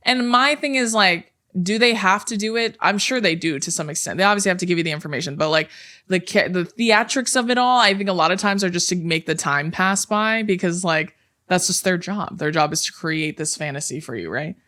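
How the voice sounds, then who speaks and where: A woman's voice: lowish voice, brisk, pushed and bright. A young woman co-hosting a podcast, telling a story with lots of energy and swearing freely, acting out the yelps and screams of the people in it. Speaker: podcast co-host. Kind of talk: casual storytelling chat.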